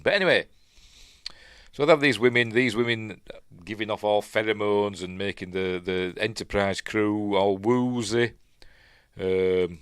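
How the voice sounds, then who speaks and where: Yorkshire man, low voice, dry close sound, chatty rambling live commentary, lots of ums. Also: no room sound. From Yorkshire, England. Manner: rambling, chatty, lots of fillers, self-correcting. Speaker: host. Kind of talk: casual live commentary while watching.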